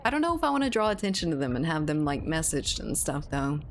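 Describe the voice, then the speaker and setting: Lower-pitched woman streamer, loose and profane. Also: big pitch swings, quick pace, slight background noise. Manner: loose, profane, chatty, reads chat aloud. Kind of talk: casual gaming livestream chat.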